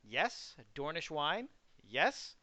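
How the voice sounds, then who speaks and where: A man's voice: fairly high pitch, sing-song, extremely slow, bright, forceful tone, no echo, exaggerated voice. A man voicing an obliging young woman who runs an inn, rattling off what she can serve. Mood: eager. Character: young female innkeeper, eager and obliging.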